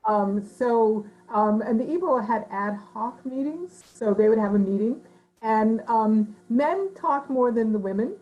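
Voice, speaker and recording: A woman author answering interview questions in an animated, thoughtful way, with frequent fillers, who slips into voices when quoting people. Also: fairly high pitch, measured pace, lo-fi sound.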